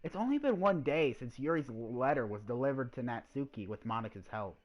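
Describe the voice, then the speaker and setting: A woman's voice: rumbling low, lively intonation, a little fast, poor audio. A woman hosting a let's play, reading a visual novel aloud with chatty asides.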